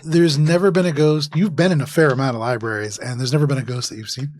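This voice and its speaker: A man narrating a tabletop game as game master, setting scenes in a measured, atmospheric way. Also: on the high side, steady tone, darkish tone.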